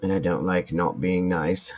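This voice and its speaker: Low-voiced man in his forties, rambling. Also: fairly even intonation, a little slow, a little mellow. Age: 40s. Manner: rambling, self-mocking, with frequent restarts. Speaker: live stream host. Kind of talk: casual chat reading viewer comments.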